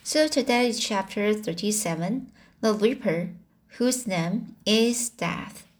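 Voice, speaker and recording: A woman reading a classic novel aloud chapter by chapter, often pausing on fillers and restarting words. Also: medium pitch, animated. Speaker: audiobook reader.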